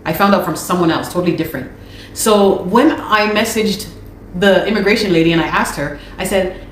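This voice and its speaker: A woman's voice: on the low side, a little fast. A woman, a musician, speaking urgently and repetitively to her viewers, pleading for their help. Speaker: musician and video host. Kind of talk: personal appeal to viewers. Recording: echoey room with faint noise.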